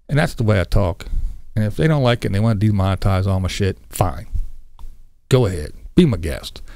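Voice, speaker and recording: A man's voice: lowish voice, gravelly, a little mellow, no room sound. A man hosting his own vlog, ranting bluntly and crudely with lots of swearing. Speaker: vlog host.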